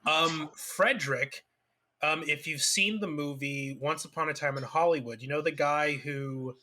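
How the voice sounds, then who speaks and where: Bright-voiced, dry male podcast co-host. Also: fairly high pitch, unhurried. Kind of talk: casual chat.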